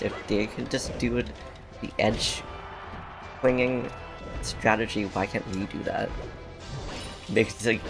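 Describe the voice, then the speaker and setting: A man giving casual, chatty gameplay commentary as host, sassy toward the game and laughing often. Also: on the low side. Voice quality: gravelly. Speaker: gaming channel host. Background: game music.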